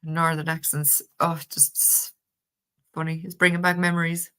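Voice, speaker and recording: A middle-aged Irishwoman with a Cork accent hosts a tarot livestream, chatting casually and telling stories full of fillers and restarts. Her voice sits low and flat, at a measured pace, a bit bright, with a clear, resonant tone.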